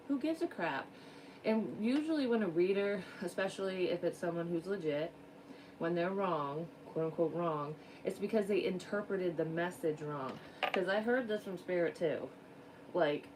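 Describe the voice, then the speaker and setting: A woman's voice: on the low side, a little mellow, recorded from a distance, a little hiss or hum, low-quality recording. A woman working as a psychic medium gives a casual card reading, rambling, frank and swearing freely.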